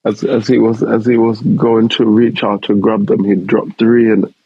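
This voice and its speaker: A man co-hosting a podcast, laid-back and slangy, cracking quick jokes. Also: fairly low pitch, little pitch movement, warm tone, breathy edge, muffled recording. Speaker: podcast co-host. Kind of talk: casual comedic chat. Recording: faint background noise.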